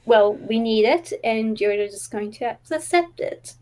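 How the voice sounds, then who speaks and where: A woman's voice: on the high side, animated, moderate pace, darkish tone, lightly acted. A woman voicing a young woman who looks after her younger brother, speaking hesitantly with many ums. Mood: firm, gentle.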